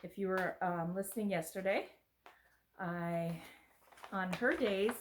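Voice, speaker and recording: A woman's voice: mid-range voice, takes it slowly, a little hiss or hum. A middle-aged woman from the United States, chatting casually and rambling a little as she unboxes gifts on her home vlog. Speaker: vlogger. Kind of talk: casual chat.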